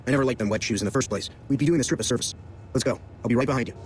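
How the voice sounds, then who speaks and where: A man's voice: mid-range voice, rapid-fire, a little hiss or hum, lightly acted. An actor playing a brash, complaining rural young man, a spoiled son, in a game. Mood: indignant. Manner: cocky, complaining. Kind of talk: video game voice acting.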